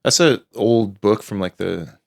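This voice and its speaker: A man's voice: fairly low pitch, a little slow, vocal fry, no echo, clean studio sound. A man co-hosting a podcast, telling stories in a rambling casual way with many fillers. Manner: rambling, many fillers and restarts, animated storytelling. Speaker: podcast co-host. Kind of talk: casual conversation.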